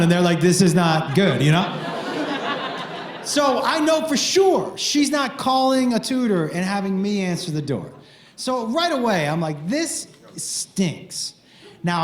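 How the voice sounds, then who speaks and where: Animated high-voiced man telling crude stories. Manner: animated, playful, crude storytelling with loud outbursts. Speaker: stand-up comedian. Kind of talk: stand-up storytelling. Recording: roomy echo with faint noise.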